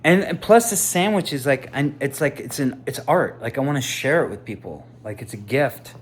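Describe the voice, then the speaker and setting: A man in his fifties, a contractor, swearing constantly in a personal rant to camera, swinging from loud outbursts to quiet musing. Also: mid-range voice, expressive, moderate pace, a little hiss or hum. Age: 50s. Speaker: contractor and aspiring sandwich maker.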